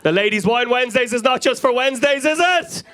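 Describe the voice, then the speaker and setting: High-voiced Irish man doing stand-up. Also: lively intonation, a little fast, fairly bright tone. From Ireland. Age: 30s. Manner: frenetic, anecdotal, crowd-working. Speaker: stand-up comedian. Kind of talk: stand-up comedy set. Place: comedy club stage before a live audience.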